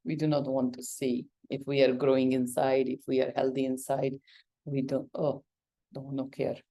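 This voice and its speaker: A woman's voice: extremely low pitch, level tone, normal speed, dark tone. A woman with an Indian accent teaching a yoga lesson, coaxing answers from her student with questions and acted-out examples.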